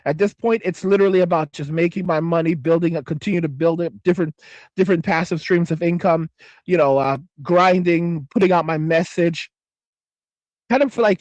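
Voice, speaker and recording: This livestream host, a man in his forties, rants casually in a blunt, profane, rambling way and frequently starts over mid-thought. His high voice is a little mellow, and the sound carries no echo.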